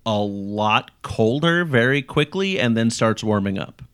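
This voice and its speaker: A man's voice: mid-range voice, animated, measured pace, fairly bright tone, clean tone. A man narrating as game master of a tabletop game, explaining in a casual, stop-start way.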